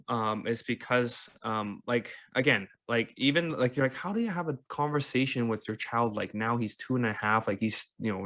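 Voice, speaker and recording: A man's voice: mid-range voice, a bit bright. A Canadian man in his thirties talking casually as a podcast host, with lots of fillers and repeated words. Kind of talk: casual conversational chat.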